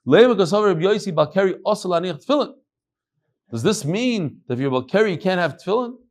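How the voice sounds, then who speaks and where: A middle-aged rabbi with a fairly high voice gives an animated daily Talmud class. He reads the text and then drops into casual, chatty asides. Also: fast talker. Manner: animated, jumps between quoting Aramaic and chatty English.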